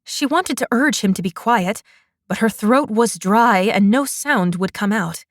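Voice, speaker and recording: A woman narrating a fantasy romance audiobook in a measured, unhurried manner. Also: on the high side, lively intonation, dry recording, studio quality.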